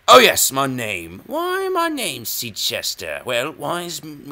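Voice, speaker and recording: A young man giving rambling, self-mocking chess commentary, jokey and erratic, with sudden loud outbursts. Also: on the high side, huge pitch swings, slow pace, few pauses.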